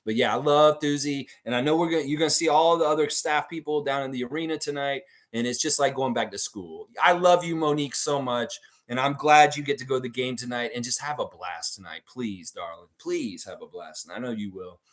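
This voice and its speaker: A man in his forties hosting a fan livestream, reading viewer comments in casual chat and swearing freely, jumping between loud hype and low murmurs. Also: quick pace, hardly any pauses. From Canada. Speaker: fan channel livestream host.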